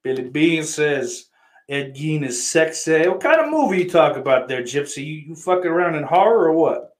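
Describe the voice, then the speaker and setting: A man's voice: on the high side, sing-song, moderate pace, long pauses. Profane rambling male streamer. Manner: profane, rambling, teasing viewers. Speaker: livestream host reading chat. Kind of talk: casual live-stream chat.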